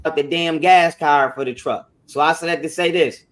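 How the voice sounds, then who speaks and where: A man with a slightly high voice ranting on a livestream. He is profane and defensive, and he circles back over the same points again and again. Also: fairly even intonation, moderate pace, a bit bright.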